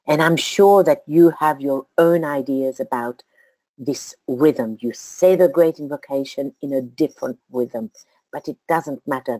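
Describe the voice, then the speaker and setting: A woman giving a slow, deliberate study talk to a group, counting out syllables as she teaches. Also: extremely low pitch, dark tone, dry recording.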